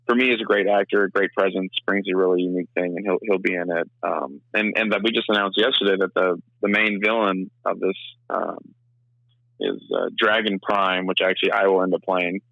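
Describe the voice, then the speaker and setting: A young man giving a casual interview, talking fast in a rambling way full of restarts. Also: low-pitched, steady tone, gravelly, dry recording, highs cut off. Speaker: filmmaker and actor, interview guest.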